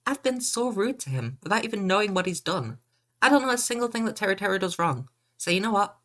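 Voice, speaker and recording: A game streamer casually chatting with viewers, playful and quick to laugh, reading and answering chat comments. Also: mid-range voice, fairly bright tone.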